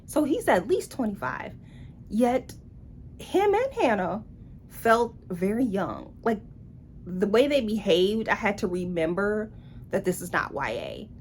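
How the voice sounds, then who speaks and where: A woman's voice: mid-range voice, very animated, a little slow, slight background noise. A woman giving a casual book review in a blunt, sarcastic way.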